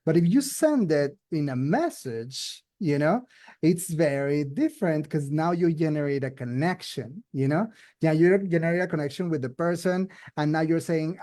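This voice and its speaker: A man's voice: on the high side, normal speed, mellow. A man sharing social media tips in a casual online talk, chatty and full of "you know" and "I mean". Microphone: video call.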